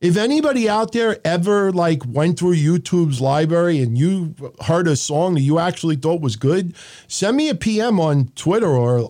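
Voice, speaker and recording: A middle-aged man talks in a loose, unscripted monologue as a podcast host. His voice sits a bit high for a man. He tells stories bluntly and swears often. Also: dark tone. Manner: blunt, profane storytelling. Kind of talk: casual monologue.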